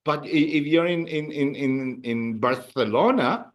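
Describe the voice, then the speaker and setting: Slow-paced male teacher, playful and halting. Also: a little high. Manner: halting, repeats words while explaining; playful, teases students. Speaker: Spanish teacher. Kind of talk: classroom language lesson.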